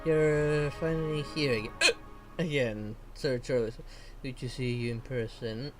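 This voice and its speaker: A male VTuber streamer reading game dialogue aloud slowly, with casual commentary, laughs and mild swearing. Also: mid-range voice, fairly even intonation. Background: faint game music.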